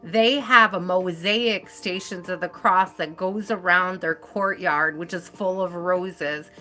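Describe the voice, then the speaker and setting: A woman's voice: lowish voice, slow, bright, forceful tone, soft background music. A woman hosting a tarot live stream, chatting casually and effusively, laughing often and using lots of fillers.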